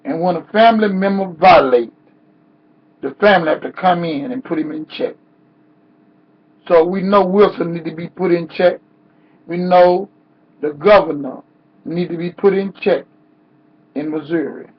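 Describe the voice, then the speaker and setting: A man's voice: a little high, moderate pace, pauses often, husky. A man giving an impassioned protest speech with a preacher-like cadence that rises into cries, heard on a dull lo-fi recording. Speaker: activist speaker. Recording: dull lo-fi sound.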